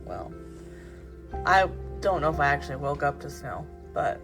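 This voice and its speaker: A woman's voice: sits low, sing-song, normal speed, over music. A woman vlogging casually at home, cooing and baby-talking to her cats. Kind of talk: casual chat. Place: home, indoors.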